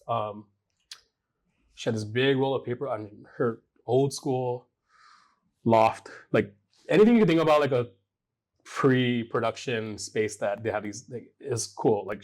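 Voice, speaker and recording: A man from Hawaii, a fashion designer, chatting casually on a panel and telling animated stories with lots of fillers. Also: mid-range voice. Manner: animated storytelling, many fillers.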